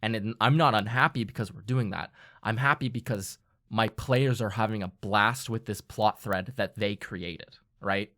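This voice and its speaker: A man hosting a casual podcast chat about running a tabletop game, excitable and animated, often acting out quotes. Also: on the low side, moderate pace. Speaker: dungeon master and podcast host.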